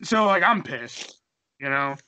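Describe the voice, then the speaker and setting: Animated profane storyteller man, dry sound. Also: on the high side, normal speed, no echo. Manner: animated, profane, acts out dialogue. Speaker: podcast co-host. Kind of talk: casual storytelling.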